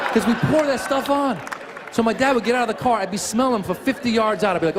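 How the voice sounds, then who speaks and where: High-voiced man doing stand-up. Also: quick pace, long reverb tail, a crowd in the background. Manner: animated, joking, audience banter. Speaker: stand-up comedian. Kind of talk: stand-up comedy set. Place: comedy stage before a live audience. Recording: live club audience laughter and noise.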